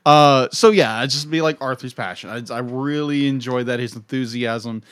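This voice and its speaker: Man, podcast co-host, casual review chat, mid pitch, dry sound, lively. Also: normal speed, clear, resonant tone, no echo. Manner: animated, breaks into silly voices.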